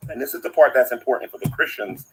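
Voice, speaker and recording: Male ranter, quick and lecturing, mid pitch, insistent tone. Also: rough recording. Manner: scolding, insistent. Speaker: commentator in a played clip. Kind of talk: lecturing rant.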